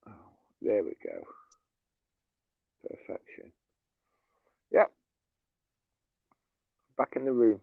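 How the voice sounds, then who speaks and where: A man's voice: lowish voice, huge pitch swings, drawn-out words, gravelly, long pauses, breathy edge, dry recording. Livestream host guy, teasing chat, dry and tinny like a phone line. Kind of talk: casual chat.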